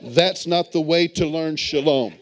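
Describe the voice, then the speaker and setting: A man's voice: on the high side, unhurried. A man preaching a sermon as bishop, telling stories and calling on his congregation to answer back. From moved to Texas as an adult. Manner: storytelling, calls on the congregation to respond. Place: church sanctuary.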